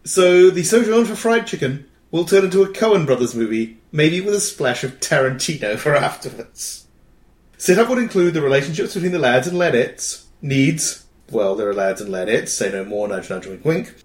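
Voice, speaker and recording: A man's voice: on the high side, animated, normal speed. A man with a New Zealand accent hosting a casual podcast chat, reading out listener ideas with a wry, dry humour. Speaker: podcast host. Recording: roomy echo.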